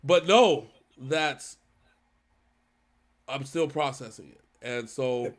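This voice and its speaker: A man in his thirties co-hosting a reaction channel, talking earnestly and haltingly with many restarts. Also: mid-range voice. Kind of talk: emotional casual talk.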